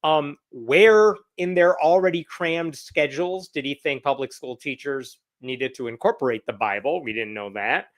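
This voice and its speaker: A man with a somewhat high voice hosts a casual livestream news roundup. He reads documents aloud and mocks them in a sarcastic, conversational tone. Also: normal speed, hardly any pauses.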